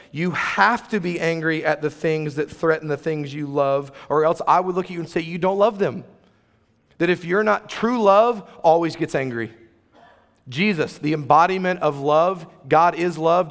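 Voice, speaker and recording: Man, pastor, preaching a sermon, slightly high voice, conversational, emphatic, long hall reverb. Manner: conversational, emphatic, with playful asides to the room.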